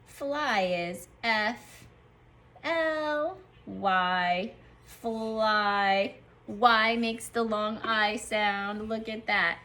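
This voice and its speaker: A woman teacher leading a young class through a writing lesson, sounding out letters slowly and praising the children as they work. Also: fairly high pitch, flat delivery, sharp tone. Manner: slow, drawn-out letter sounds. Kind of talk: early-grade writing lesson.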